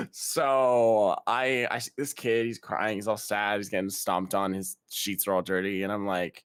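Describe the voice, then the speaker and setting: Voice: low voice, a little slow, clear, resonant tone, dry recording, studio quality. A comedian riffing in casual banter, hesitant at first and then building a comic answer with laughs. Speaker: panel comedian.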